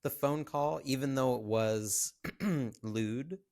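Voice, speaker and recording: A young man co-hosting a podcast, chatting casually about a movie and pausing with ums as he talks. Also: medium pitch, darkish tone. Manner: hesitant, many ums and throat clearing. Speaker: podcast co-host.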